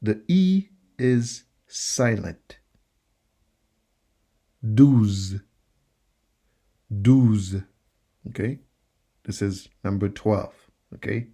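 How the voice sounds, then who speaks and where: A man teaching pronunciation, repeating each word slowly and spelling out letters. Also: fairly low pitch, sing-song, gravelly, dark tone. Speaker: French teacher. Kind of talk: slow pronunciation lesson.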